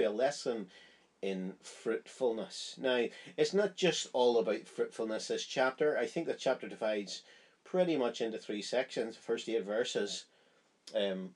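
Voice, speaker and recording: A man's voice: medium pitch, a little mellow, breathy edge. A man giving a Bible study, explaining a chapter in an earnest, conversational way. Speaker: Bible teacher.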